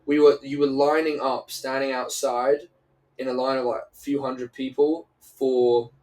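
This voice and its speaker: A man's voice: medium pitch, flat delivery, a little slow, darkish tone, recorded from a distance, rough recording. Casting: young English-born man, loose rambling guest, a bit off-mic. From England. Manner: rambling, restarts sentences, casual swearing. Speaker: guest singer. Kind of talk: casual interview chat.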